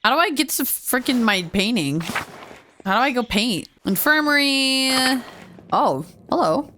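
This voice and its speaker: A woman casually commenting as she plays a game, chatty and playful with quick asides. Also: a little high, very animated, pushed and bright, a little hiss or hum. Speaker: let's play host.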